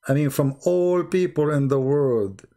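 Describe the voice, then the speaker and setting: A man's voice: a little high, a little slow, mellow. A man hosting a live call-in debate show, talking in a blunt, mocking way with loose grammar.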